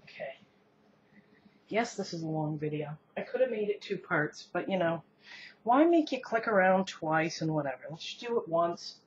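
A woman with a slightly low voice rambles through a home cooking video in her kitchen, poking fun at herself and laughing as she goes. Oil sizzles faintly behind her over a light hiss. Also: highs cut off. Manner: rambling, self-deprecating, laughs often. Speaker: cooking vlogger. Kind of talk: casual chatty cooking demo. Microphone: camera on the counter, later a handheld camera.

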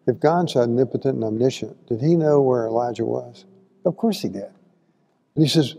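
A man's voice: medium pitch, moderate pace, vocal fry, mellow, big-room sound. Folksy man teaching a church class. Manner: folksy, asks the audience questions, acts out quotes. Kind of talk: conversational Bible lesson. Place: church hall.

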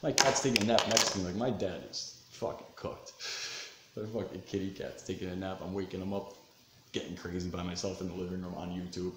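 A man in his thirties telling a rough personal story in a casual, profane way, getting heated and then calming down, recorded at home in his living room. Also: sits low, fairly quick. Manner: profane, animated, swings between fired-up and subdued. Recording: roomy echo, faint background noise.

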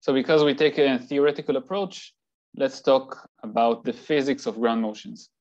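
A man delivers a slide lecture in a calm, explanatory way, pausing now and then on fillers. His voice sits at an ordinary middle pitch. The recording is a little dull and lo-fi. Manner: measured, explanatory, occasional fillers. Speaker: seismology lecturer. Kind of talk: academic talk with slides.

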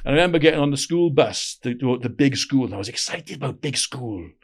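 A man's voice: mid-range voice, animated, fast talker, breathy edge. Welsh man in his fifties telling stories. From South Wales. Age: 50s. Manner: chatty and anecdotal, with repeated filler tags. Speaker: guest, former intelligence officer. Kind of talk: conversational storytelling.

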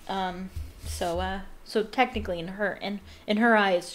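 A woman chatting casually about a book she loves, enthusiastic and rambling, with plenty of fillers and restarts. Her voice sits at an ordinary middle pitch. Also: steady tone, unhurried. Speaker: book reader and fan commentator.

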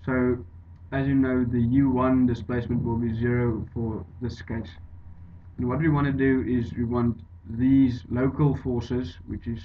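A man explaining an engineering derivation over slides in a halting way, with many fillers and restarts. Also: medium pitch, flat delivery. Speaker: engineering tutor. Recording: dull lo-fi voice-over with faint hiss.

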